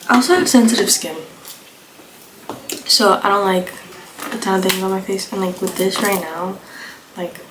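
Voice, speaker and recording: A young woman with a slightly hoarse voice talks offhandedly through her makeup routine, rambling and leaning on fillers. She sits at middle pitch for a woman and speaks into a phone camera. The room is echoey, with clear noise underneath. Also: moderate pace, pauses often. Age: young adult. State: slightly hoarse, coming down with a cold. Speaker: beauty vlogger. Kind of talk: casual makeup tutorial chat.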